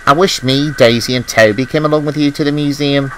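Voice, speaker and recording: Brief: man voicing a small, kindly male engine, pitched up, storybook tale. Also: steady tone, a little fast, a little hiss or hum, natural voice, rough recording. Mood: friendly. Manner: kindly, concerned. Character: friendly small male green tank engine.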